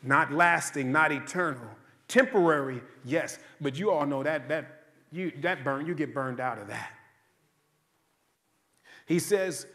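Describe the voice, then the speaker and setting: A man's voice: on the high side, a little slow, bright, forceful tone. A male pastor preaching a sermon in a church, with a conversational, joking storytelling style and lots of repetition. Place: church sanctuary.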